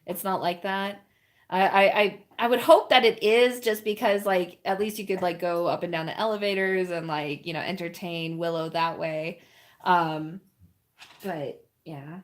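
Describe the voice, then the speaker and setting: A woman's voice: lowish voice, fairly even intonation, a little slow. A woman chatting casually with her live-stream viewers while she paints, rambling and often laughing and cooing at puppies, indoors at a home.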